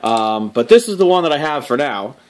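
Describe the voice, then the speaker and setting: A man's voice: mid-range voice, big pitch swings, brisk. A man hosting a casual toy review, rambling and joking, laughing often and swearing offhandedly.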